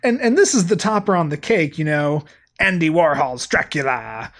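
A man's voice: a little high, lively intonation, moderate pace, fairly bright tone. A man co-hosting a podcast in casual chat, rambling and full of filler words. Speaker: podcast co-host.

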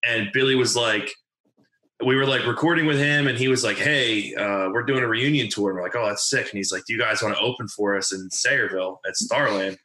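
A man's voice: on the low side, brisk, sharp tone, reverberant, rough recording. A man in his twenties from New Jersey, telling a story in casual chat, rambling with lots of fillers and swearing. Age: 20s. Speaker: podcast guest telling a story.

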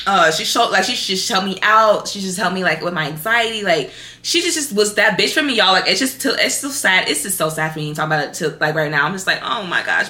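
A young woman talks straight into the mic as a podcast host, candid and swearing freely, her story running on with "like" and "y'all". Her voice is bright and forceful, and the room is echoey around her. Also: on the low side. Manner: candid, profane, animated, lots of fillers. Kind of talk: casual storytelling monologue.

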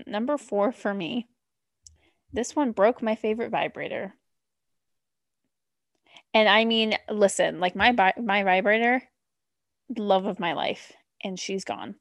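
Woman podcast co-host, mid pitch, dry close recording, blunt and profane. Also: no echo. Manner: blunt, swearing, quick reactions. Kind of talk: casual chat.

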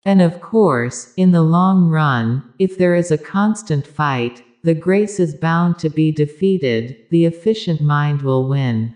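A spiritual teacher giving a calm, measured discourse with repeated, parallel phrasing. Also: mid-range voice.

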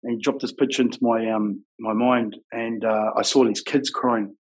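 A middle-aged man with a New Zealand accent and a husky, slightly breathy voice at a mid pitch. He talks plainly and frankly in a rough-edged, casual way, dropping "bro" into nearly every thought. It sounds like an interview guest speaking candidly. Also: fairly even intonation, normal speed, poor audio. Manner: rough-edged, frank, says "bro" and "you know what I mean" often. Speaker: guest telling his life story. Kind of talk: casual storytelling.

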